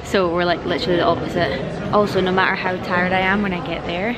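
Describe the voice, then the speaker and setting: A woman's voice: fairly low pitch, fast, a loud crowd. Chatty young woman vlogging. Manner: chatty, excitable, laughs often. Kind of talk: casual vlog chat to camera.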